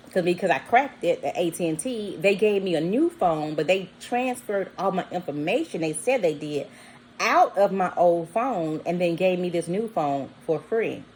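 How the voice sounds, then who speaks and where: A woman's voice: on the low side, measured pace, a little hiss or hum, rough recording. A woman casually telling a long personal story, acting out the people in it. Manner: animated, acts out quoted voices with bleeped words. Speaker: vlogger.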